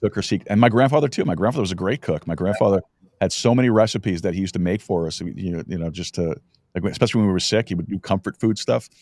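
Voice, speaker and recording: A middle-aged man with a fairly low voice hosts a relaxed podcast chat, recorded dry and close with no echo. He tells meandering stories, halting and restarting often as he goes.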